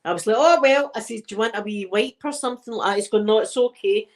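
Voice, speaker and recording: A woman's voice: on the high side, fast. Chatty Scottish woman. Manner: chatty storyteller, laughs often. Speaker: live chat host. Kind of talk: casual chat with viewers. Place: home living room.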